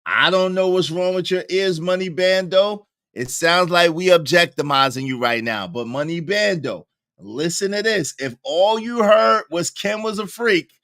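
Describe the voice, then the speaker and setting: Male livestream host, loose and slangy, speaks straight to his viewers, voice bright and high. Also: lively intonation, unhurried. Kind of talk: casual livestream chat.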